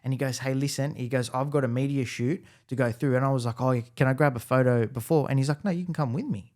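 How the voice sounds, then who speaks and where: A man with an Australian accent hosting a casual interview, relaxed and friendly as he asks questions and tells his own story. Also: medium pitch, quick pace. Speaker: host.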